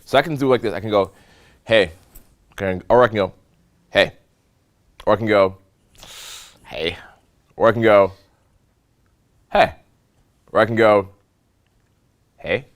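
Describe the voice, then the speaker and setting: Low-voiced man teaching a seminar. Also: very fast, hardly any pauses. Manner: animated, demonstrative, asks the room "okay?" and "right?" often. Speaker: dating and social skills coach.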